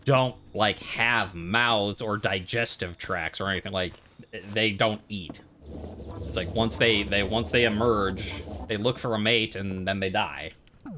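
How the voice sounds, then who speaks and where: A man giving casual, rambling commentary while playing a game, full of joking asides. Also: lowish voice. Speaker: game player. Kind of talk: casual let's-play commentary. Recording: steady background noise.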